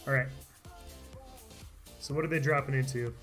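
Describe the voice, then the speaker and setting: Man, game streamer, relaxed chatty commentary, tired voice, laughs a lot, light game music behind. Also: medium pitch, normal speed. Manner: laid-back, chatty, laughs often. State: voice tired from talking all day. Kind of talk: live gameplay commentary.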